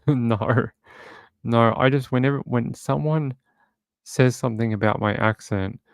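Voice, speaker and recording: A man's voice: medium pitch, a little slow, creaky, no room sound. A man hosting a true crime livestream from home, chatting casually and reading viewer comments aloud.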